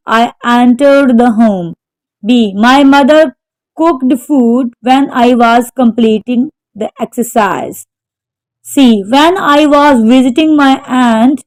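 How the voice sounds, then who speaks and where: A woman teacher slowly reading out textbook exercise answers, carefully naming the stressed syllable of each word. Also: fairly high pitch, darkish tone, low-quality recording. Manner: slow, careful dictation, spelling out word stress. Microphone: home microphone.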